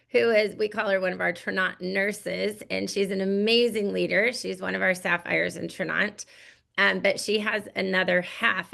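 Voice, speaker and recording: Woman host, enthusiastic motivational caller, bright voice with heavy vocal fry. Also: mid-range voice. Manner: enthusiastic, effusive. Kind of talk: motivational business call.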